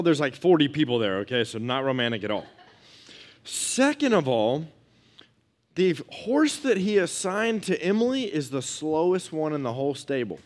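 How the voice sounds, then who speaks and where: Animated storytelling man preaching a sermon. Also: fairly high pitch. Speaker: pastor.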